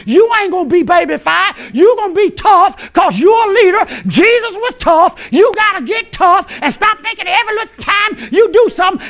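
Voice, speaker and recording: A man preaching a fiery sermon in a strikingly high voice that rises into bursts of shouting. His tone is bright and forceful, loose and colloquial as a pastor, with chuckles breaking in between points.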